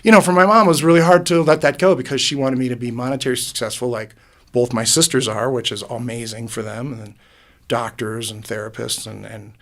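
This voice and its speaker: A man's voice: mid-range voice, steady tone, fairly quick, gravelly, fairly bright tone. A man, a musician guest in a podcast booth, telling his story in a casual, earnest, rambling way with many restarts. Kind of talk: casual interview.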